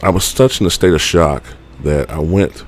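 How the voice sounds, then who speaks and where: A man's voice: deep voice, normal speed. A man vlogger telling a personal story in a rambling, casual way, full of fillers and offhand swearing.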